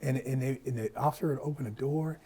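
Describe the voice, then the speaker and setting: A middle-aged man hosting a podcast in casual conversation, animated and profane, acting out the people he quotes. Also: mid-range voice, fast talker, husky. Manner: animated, swears freely, acts out quoted people. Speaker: podcast host.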